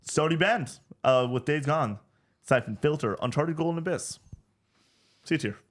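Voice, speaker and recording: A man's voice: fairly high pitch, measured pace. Guy cohosting a gaming podcast, gets hyped, trips over words, swears a lot. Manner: animated, excitable, swears, many restarts. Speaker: podcast co-host. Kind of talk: casual gaming chat.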